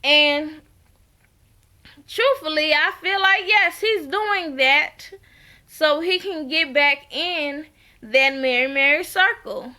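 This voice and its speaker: A woman's voice: sits high, takes it slowly, pushed and bright. A woman casually recapping and reviewing a TV episode, acting out the characters' lines in quoted voices and laughing often. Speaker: TV show reviewer.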